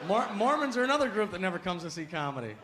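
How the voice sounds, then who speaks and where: A man from the United States doing a stand-up comedy set with punchy, animated delivery and sudden shouts, on stage before a live audience. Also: sits high, racing. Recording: live show with loud crowd and noise.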